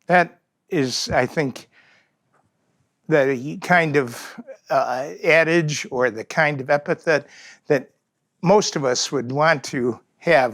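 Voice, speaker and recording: An older man giving a gentle, reflective talk with pauses. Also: on the high side, dry recording, studio quality. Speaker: speaker in a talk series on aging.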